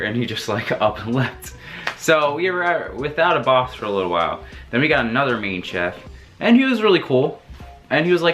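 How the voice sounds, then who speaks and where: A young man telling a story in a casual, animated way, laughing often and swearing freely. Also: mid-range voice, a little fast, faint music behind. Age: young adult. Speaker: vlogger.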